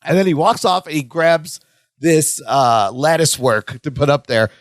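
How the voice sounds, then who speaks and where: A man's voice: a little high, a little slow, dry recording, studio quality. A man co-hosting a podcast, retelling sitcom scenes in casual chat and acting out the characters' lines. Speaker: podcast co-host.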